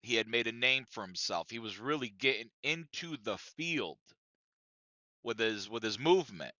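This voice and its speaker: A man's voice: mid-range voice, expressive, moderate pace, sharp tone, no room sound, lo-fi sound. A man co-hosting a podcast, telling a story in a casual, profane and emphatic way that often circles back on itself. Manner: profane, emphatic, repeats himself. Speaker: podcast co-host.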